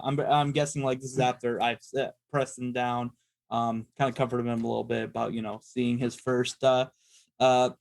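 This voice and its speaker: A man's voice: medium pitch, no echo. A man playing a tabletop horror game, casually narrating his character's actions with lots of ums and restarts. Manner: rambling, full of ums and restarts.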